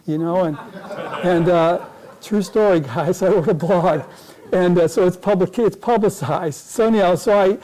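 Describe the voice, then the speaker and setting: A man's voice: high voice, normal speed, warm tone, low-quality recording. A man speaking as a guest at a club meeting, telling a long personal story in a rambling way that often corrects itself.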